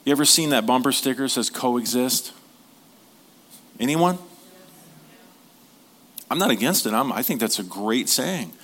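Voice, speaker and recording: A man's voice: mid-range voice, expressive, measured pace, pauses often, fairly bright tone. A middle-aged man preaching a sermon as a pastor, in a conversational, joking way, asking the congregation questions.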